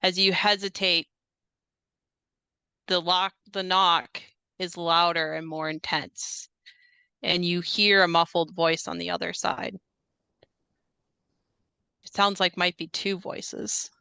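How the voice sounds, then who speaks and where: Slow, bright-voiced woman game master. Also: lowish voice, steady tone, gravelly, smooth, no room sound. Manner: slow, measured narration with hesitant fillers. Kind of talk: narrating a tabletop horror game.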